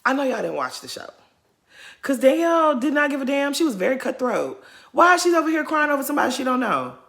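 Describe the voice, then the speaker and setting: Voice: high-pitched, big pitch swings, quick pace, vocal fry, a bit bright. A commentator giving sassy, casual reaction commentary on a reality show, talking straight at the cast.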